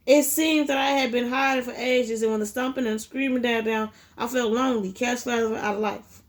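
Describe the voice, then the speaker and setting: A woman's voice: fairly high pitch, fairly even intonation, normal speed. Woman reading aloud with frequent restarts. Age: adult with a child. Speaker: audiobook reader.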